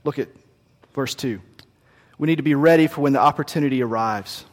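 A man preaching a sermon, telling the story with lively acted voices. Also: mid-range voice, brisk, big-room sound. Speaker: pastor.

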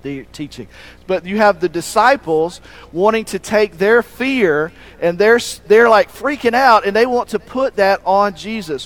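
A male pastor delivering a sermon in a fairly high voice. He tells the story with animated energy, acting out the lines he quotes. His delivery rises to loud emphasis and then drops to a hush. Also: measured pace, rough recording.

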